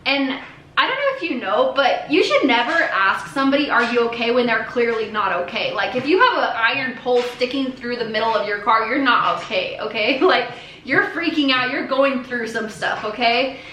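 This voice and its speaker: A woman's voice: fairly high pitch, lively intonation, normal speed, pushed and bright, slight background noise. A young woman vlogger telling a personal story to her viewers in a casual, earnest way, full of fillers and restarts. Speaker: family vlogger. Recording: echoey room with faint ambience.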